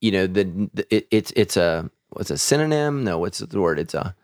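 A man's voice: low-pitched, lively intonation, normal speed, darkish tone, no room sound, clean studio sound. A middle-aged man, a pastor hosting a podcast, talking casually with frequent restarts. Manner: conversational, many restarts and stammers.

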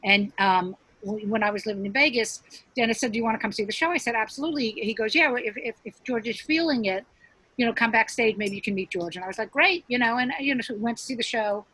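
A woman's voice: on the high side, fast talker, fairly bright tone, slightly rough, no echo, low-quality recording. A middle-aged woman, a stand-up comedian, telling stories in a casual interview, chatty, with many restarts and acted-out quotes.

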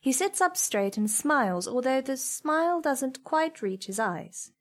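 A woman narrates a first-person story in a soft, measured, reflective voice. She sits a little higher in pitch than most women and keeps an even, unhurried delivery.

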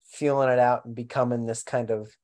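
A man co-hosting a podcast, chatting casually about a film in a relaxed, anecdotal way. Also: mid-range voice, a little fast. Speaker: podcast co-host.

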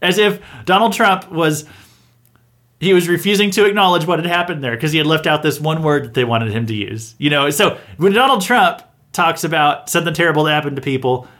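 A man's voice: fairly high pitch, a little fast, a bit bright. A man hosting a satirical news round-up, giving opinionated commentary in a sarcastic, mocking tone and chuckling between points. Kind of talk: opinionated political commentary monologue.

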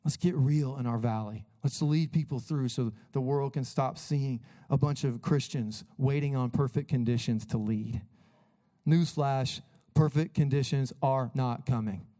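A man's voice: mid-range voice, a little slow, mellow. A man preaching a sermon as a pastor, in an earnest, casual and conversational way.

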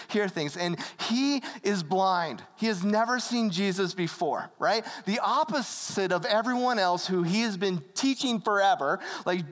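Casual, animated preacher telling a story, with long hall reverb. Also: mid-range voice. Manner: acts out quoted voices. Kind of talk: sermon.

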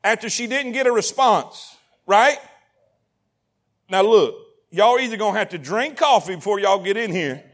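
A man preaching a sermon in a church, animated, repeating lines, shouting at times and asking the congregation questions. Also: high voice, moderate pace. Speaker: pastor. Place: church sanctuary.

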